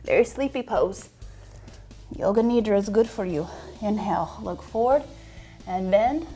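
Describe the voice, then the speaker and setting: A woman's voice: medium pitch, animated, unhurried, music in the background. A woman leading a yoga class, chatting and joking playfully as she guides the poses. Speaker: yoga instructor.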